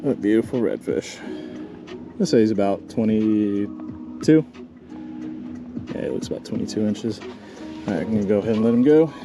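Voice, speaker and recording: A man commentating as he fishes from a small boat in tidal marsh creeks, bursting into excited exclamations and talking gently to the fish he catches. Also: lowish voice, moderate pace, pauses often, music in the background. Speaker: fishing vlogger. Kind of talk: casual commentary while fishing.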